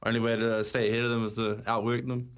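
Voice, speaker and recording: A man with a New Zealand accent, a darts player speaking as a studio guest in a relaxed, casual radio interview. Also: medium pitch, quick pace, clean tone. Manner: relaxed, laid-back, says mate.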